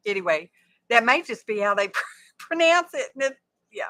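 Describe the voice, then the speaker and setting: This woman speaks a bit slowly in a high, bright, pushed voice that swings widely in pitch. She's chatting casually with her livestream audience while crafting, running herself down good-naturedly and describing each step along the way.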